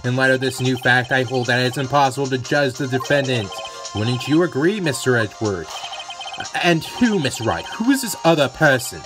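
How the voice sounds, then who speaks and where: A man voicing a brash young male defense lawyer who presses witnesses with loud exclamations. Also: mid-range voice, lively intonation, moderate pace, lightly acted. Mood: pressing. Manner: punchy, exclaiming. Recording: music playing behind.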